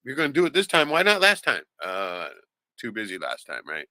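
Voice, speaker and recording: A man's voice: medium pitch, huge pitch swings, brisk, sharp tone, no echo. A man giving sarcastic, profane commentary on video clips as the host of a streamed show. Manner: sarcastic, swears a lot.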